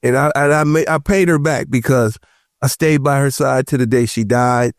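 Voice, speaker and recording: A man on a podcast panel telling personal stories in casual chat, animated and acting out the voices of the people he quotes. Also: medium pitch, moderate pace, no room sound, clean studio sound. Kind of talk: casual roundtable chat, storytelling.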